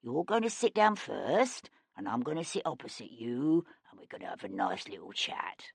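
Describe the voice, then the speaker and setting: A dangerous man speaks in a hushed, rough voice, pitched very low and kept quiet. A woman narrator puts him on. The sound is dry and close, with no room around it. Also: lively intonation, normal speed, no room sound, exaggerated voice. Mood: menacing.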